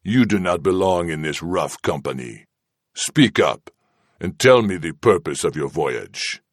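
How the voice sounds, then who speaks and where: A man's voice: lowish voice, lively intonation, a bit bright, dry recording, clean studio sound. A man doing a menacing sea captain. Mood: coaxing softly. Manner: measured menace, slow cold threats. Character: cruel Spanish male captain, menacing and sarcastic.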